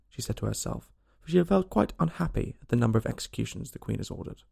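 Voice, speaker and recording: Gravelly man reading a storybook. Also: medium pitch, fast talker. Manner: expressive, animated narration. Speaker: narrator.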